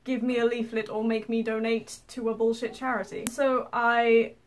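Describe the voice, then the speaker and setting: High-voiced chatty woman. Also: little pitch movement, normal speed. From England. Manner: chatty, rambling, lots of fillers and laughter. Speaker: vlogger. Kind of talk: casual storytelling to camera.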